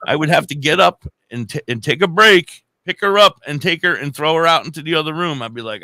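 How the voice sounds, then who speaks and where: A man co-hosting a casual comedic chat, telling animated, crude stories. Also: a little high, brisk, hardly any pauses, no room sound. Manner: animated storyteller, crude jokes. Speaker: podcast co-host.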